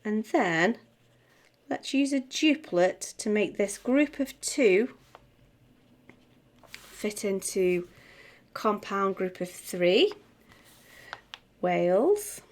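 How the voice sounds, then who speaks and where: A middle-aged woman gives a music theory lesson at an easy, slow pace. Her pitch sits in the middle of the range, and her tone is chatty. She sounds out words syllable by syllable while writing them down. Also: expressive. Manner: chatty, self-correcting, sounds out words slowly as she writes. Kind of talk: tutorial, talking while writing.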